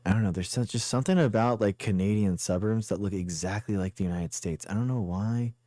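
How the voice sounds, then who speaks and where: A man's voice: on the low side, brisk, dark tone, no room sound, studio quality. A man streaming a guessing game live, rambling and thinking aloud as he plays. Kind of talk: casual live game commentary.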